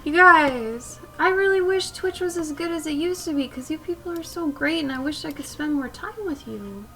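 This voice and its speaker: A woman hosting a live drawing stream, chatting casually and softly in rambling asides to her viewers. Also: sits high, animated, moderate pace. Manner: chatty, soft-spoken, drifting between asides. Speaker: live-stream artist host. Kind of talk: casual chat while drawing.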